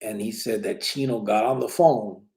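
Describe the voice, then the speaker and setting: A man's voice: on the low side, moderate pace, a little mellow, rough recording. A man casually telling a personal prison story in street slang, with many restarts and "you know what I'm saying". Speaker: podcast host telling his prison story.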